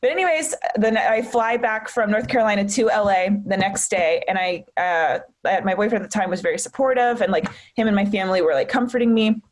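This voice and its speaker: A woman's voice: medium pitch, brisk, few pauses. A young woman, a comedian guesting on a podcast, telling a personal story in a chatty way, full of fillers like "like". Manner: chatty, filler-heavy with frequent "like".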